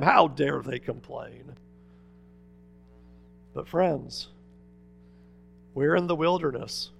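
A man preaching a sermon as pastor, swinging between loud, urgent appeals and hushed, quiet asides. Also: high-pitched, unhurried, gravelly, long pauses.

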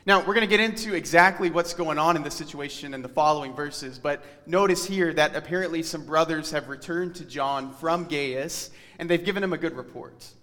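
A man preaching a sermon in an earnest, emphatic way, slowing down to read scripture aloud. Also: fairly high pitch, pushed and bright, long reverb tail.

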